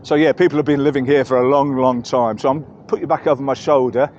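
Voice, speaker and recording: A man's voice: mid-range voice, fairly even intonation, quick pace, a little mellow, lo-fi sound, a little hiss or hum. An English man giving a chatty, rambling walking-tour commentary outdoors in busy market streets, correcting himself as he goes. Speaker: travel vlogger.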